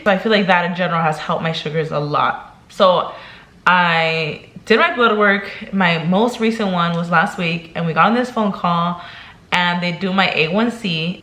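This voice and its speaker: A woman's voice: medium pitch, a bit bright, reverberant. A young woman vlogging in casual chat, talking chattily and emotionally, filling her talk with "like" and "girl".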